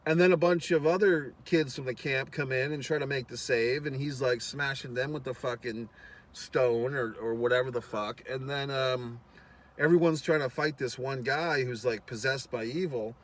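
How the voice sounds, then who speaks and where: A man casually recapping a movie in a rambling, profane way, with lots of fillers and quick acted-out lines. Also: medium pitch. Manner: acts out characters' lines in quick voices. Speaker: film reviewer.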